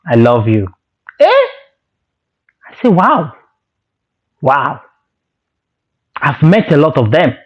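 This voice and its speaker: Animated, exclaiming man telling a story. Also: high-pitched, muffled recording. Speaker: vlogger. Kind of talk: storytelling monologue.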